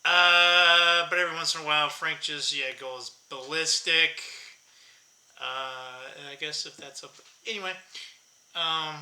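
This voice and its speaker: Fifty-something guy vlogging, chatty and self-mocking, pitched kinda high, roomy echo. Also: lively intonation, measured pace, sharp tone. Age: 50s. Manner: rambling, jokey, self-mocking, laughs often. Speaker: channel host. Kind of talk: casual vlog chat.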